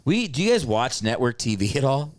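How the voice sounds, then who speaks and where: A man chatting casually on a podcast as a guest, telling animated, profane stories and acting out what people said. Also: medium pitch, fairly quick, no room sound, studio quality. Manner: animated storyteller, swears freely, acts out quotes.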